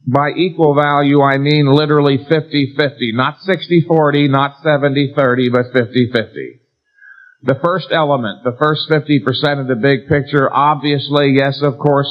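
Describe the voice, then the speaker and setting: A man lecturing a seminar audience in a fairly high voice, hammering on key words and posing questions he then answers himself. The sound is dull and lo-fi, like an old 1990s tape of a live talk. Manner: emphatic, asks and answers rhetorical questions, stresses key words. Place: seminar room before an audience.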